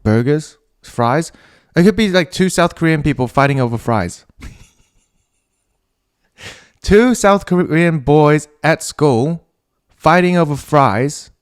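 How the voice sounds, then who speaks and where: A man's voice: fairly high pitch, animated, smooth. A man with a New Zealand accent hosting a casual solo podcast. He rambles, swears freely and laughs at his own tangents. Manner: rambling, profane, quick to laugh at himself. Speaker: podcast host.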